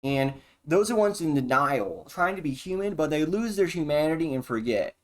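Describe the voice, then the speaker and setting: Rambling streamer with a lively voice. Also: medium pitch, moderate pace. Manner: erratic, profane and jumpy, with sudden laughs and exclamations. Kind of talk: rambling solo stream monologue.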